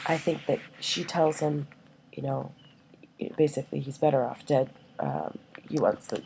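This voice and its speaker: A woman's voice: rumbling low, vocal fry, dark tone, slight background noise, poor audio. A woman teacher giving a recorded class lecture, explaining with many fillers and checking that her listeners follow.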